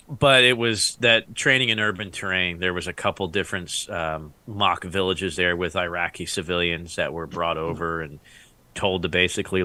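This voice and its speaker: A man who fought in the Iraq War tells stories in a relaxed podcast chat. His voice is a little low but bright and forceful. He laughs through his stories and acts out the lines of people he met. The sound is dry and close to the mic. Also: no room sound. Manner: rambling, laughs often, acts out quotes. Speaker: Iraq War veteran guest. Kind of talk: casual podcast storytelling.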